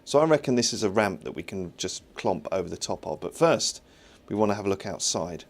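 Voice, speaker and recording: A man's voice: fairly low pitch, expressive, brisk. A man streaming live as he builds his own game, chatting, reading viewer comments and thinking aloud with a self-mocking humour.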